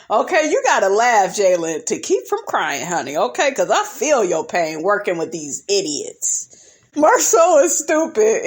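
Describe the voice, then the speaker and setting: A woman giving a blunt, brash and profane commentary on a reality TV episode, often breaking into laughter. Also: mid-range voice. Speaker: reality show recap vlogger.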